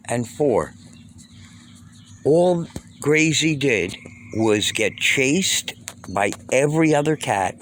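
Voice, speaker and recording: A man in his sixties, talking in a halting, emotional, rambling way with many restarts and blunt swearing. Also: medium pitch, a bit bright, a little hiss or hum. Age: 60s. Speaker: vlogger. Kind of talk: rambling personal vlog.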